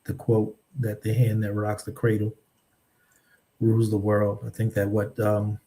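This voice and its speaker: A man who is a writer and a podcast guest, speaking in a measured, thoughtful way with frequent pauses and ums. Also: lowish voice, completely flat delivery, warm tone. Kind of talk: reflective podcast conversation.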